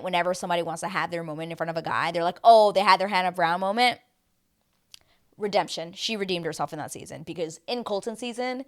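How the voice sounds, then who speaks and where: A young woman chatting casually through a reality TV recap, gossipy and animated, acting out what people said. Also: lowish voice. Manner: gossipy, animated, slips into squealing quoted voices.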